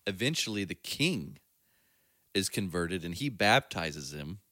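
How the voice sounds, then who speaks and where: Deep, bright-voiced man telling a story. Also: sing-song, unhurried, no room sound, clean studio sound. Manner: storytelling, laughs easily, trails off with fillers. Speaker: podcast co-host. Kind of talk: casual chat.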